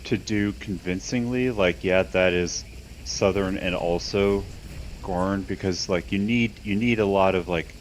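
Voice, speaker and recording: A man's voice: low voice, a little slow, a little hiss or hum. A man co-hosting a live gaming stream, easygoing and meandering. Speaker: stream co-host. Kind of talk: casual gaming chat.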